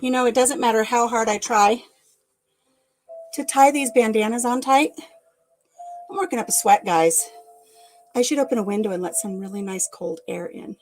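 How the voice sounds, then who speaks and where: A woman's voice: on the high side, normal speed, pauses often, darkish tone, soft background music, rough recording. A woman vlogger chatting casually to her live viewers while she tidies a craft room. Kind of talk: casual live-stream chat.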